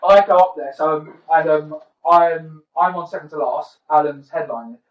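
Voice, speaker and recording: A high-voiced man hosts a podcast in casual chat, telling blunt, swearing stories. He sits back from the mic in an echoey room, and the sound is a little dull. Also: moderate pace, far from the mic. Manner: chatty, swearing, storytelling. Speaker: podcast host. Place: comedy venue.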